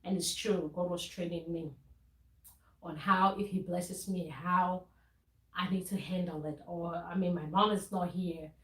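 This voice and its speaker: A woman's voice: fairly low pitch, steady tone, unhurried, roomy sound, rough recording. A woman from Ghana talking casually in a faith-based vlog, earnest and preachy, with frequent laughs and restarts. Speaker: vlogger.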